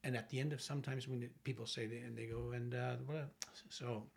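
A Canadian man interviewing a guest, chatting casually and sharing his own quick stories. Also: mid-range voice, little pitch movement, vocal fry, slightly rough.

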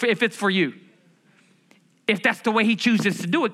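A male pastor preaching to his church in a high, bright voice. He talks in a lively, conversational way, full of rhetorical questions and humor. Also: moderate pace, long pauses. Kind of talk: sermon. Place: church building.

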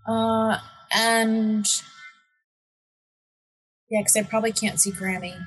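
Casting: woman player, slightly high voice, breathy tone, hesitant thinking aloud. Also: little pitch movement, slow pace, low-quality recording. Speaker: tabletop game player. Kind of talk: casual tabletop play.

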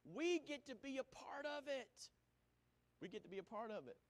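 A man preaching a sermon, swinging from booming exclamations to hushed lines and breaking into sung hymn phrases. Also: animated, moderate pace.

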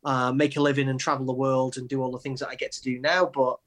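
A man in his forties with an English accent, a poet answering interview questions in a halting, earnest way with many restarts. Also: mid-range voice, level tone, fairly bright tone. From England. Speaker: guest, poet. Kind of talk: conversational interview.

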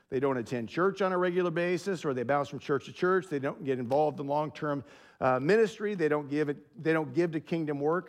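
A male pastor giving a sermon in a conversational way, telling personal stories and repeating key phrases for emphasis. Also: fairly high pitch. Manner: drops to a soft hush when telling a quiet story.

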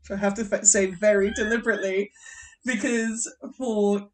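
A woman's voice: medium pitch, normal speed, far from the mic, slight background noise. An English woman co-hosting a podcast, chatting casually and laughing often. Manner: giggly, animated, laughs often. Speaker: podcast co-host. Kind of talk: casual chat.

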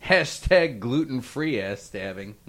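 A man's voice: mid-range voice, lively intonation, slow pace, fairly bright tone. A man playing a casual word game with friends, goofy and playful, often putting on silly voices. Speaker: game contestant.

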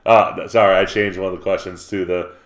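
Co-host, man, very deep voice, modest and easy laughing. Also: little pitch movement, quick pace. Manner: self-deprecating, laughing easily. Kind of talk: casual chat.

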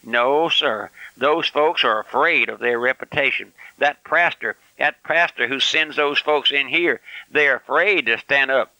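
Old country preacher on the radio, folksy and fired up, real bright edgy voice, dry sound. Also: male voice, medium pitch, measured pace, few pauses, dry recording, poor audio. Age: older. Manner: folksy, fiery preaching with emphatic repetition. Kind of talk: radio sermon.

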